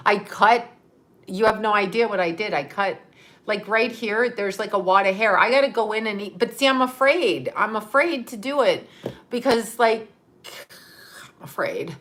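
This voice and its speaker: Speaking at normal speed, this woman has a medium pitch with a touch of brightness. Hosting a livestream, she laughs a lot as she chats, curses without restraint, and reads out comments while thanking each viewer by name.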